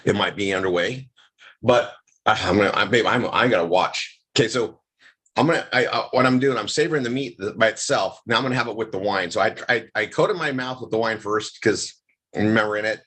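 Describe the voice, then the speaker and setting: A man's voice: on the low side, fairly quick, a bit bright, breathy edge. A man hosting a casual live chat, tasting food and wine and rambling with many restarts. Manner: rambling, restarts often, savoring food aloud. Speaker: host.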